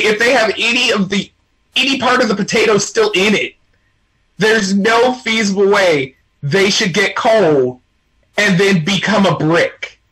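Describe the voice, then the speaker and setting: A man with a high, bright voice rants through crude podcast banter. He swears freely, and his pitch leaps around as he works himself up. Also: low-quality recording. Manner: animated ranting, heavy swearing. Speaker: podcast co-host.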